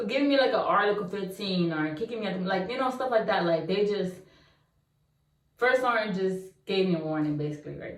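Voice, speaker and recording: A young woman vlogger telling a personal story to her viewers in a casual, slangy, animated way. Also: lowish voice. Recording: roomy echo, mic at a distance.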